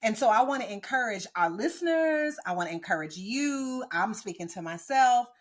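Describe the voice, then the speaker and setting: A woman's voice: on the high side, lively intonation, normal speed. A woman podcast host and pastor giving earnest, exhorting encouragement, often checking in with "right?". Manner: preachy, exhorting, frequent "right?". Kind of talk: encouraging ministry podcast talk. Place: boardroom.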